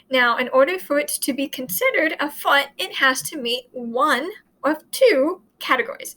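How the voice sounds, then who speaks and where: A woman's voice: high-pitched, bright, forceful tone, rough recording. A woman teaching Latin in a casual, chatty way, repeating points and sounding out words as she explains.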